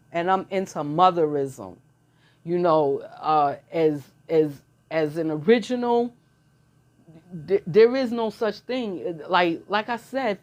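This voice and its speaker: Middle-aged lady talking straight, slangy and blunt, laughs a lot, lowish voice. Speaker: channel host. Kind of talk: casual monologue.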